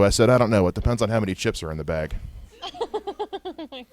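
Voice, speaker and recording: A young man working through a stand-up set in a small venue, his pitch bouncing up and down as he pokes fun at himself. He keeps breaking into laughter at his own lines. Music plays behind him. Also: lively intonation, fast, long pauses, no echo, studio quality. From Ohio. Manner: self-deprecating, laughs at his own jokes. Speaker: stand-up comedian. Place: small venue with live audience.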